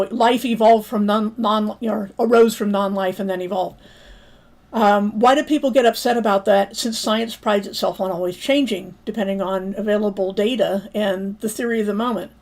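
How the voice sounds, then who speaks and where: A woman teaching a livestreamed Bible study in an argumentative lecturing manner, pausing to ask viewers for comments. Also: medium pitch, darkish tone.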